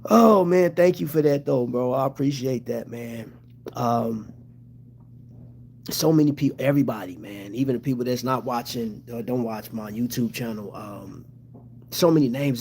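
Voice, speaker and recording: A man's voice: mid-range voice, a little mellow, husky. A man hosting a casual livestream who talks to his viewers in a heartfelt, grateful way and often stops and restarts his sentences. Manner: halting, with many restarts and fillers. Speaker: channel host.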